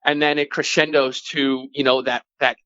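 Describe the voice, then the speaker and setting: A man talks as a podcast guest over a muffled, dull phone line. He rambles and fills his sentences with "like" and "you know." His voice sits at a middle pitch and sounds dry, with no room echo. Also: level tone, normal speed, pushed and bright. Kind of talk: casual phone conversation. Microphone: phone call.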